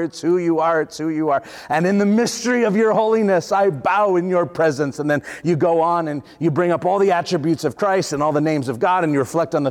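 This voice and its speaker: A man's voice: on the high side, a little mellow. A man preaching a sermon to a congregation, with conversational storytelling that builds to fervent emphasis. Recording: long hall reverb.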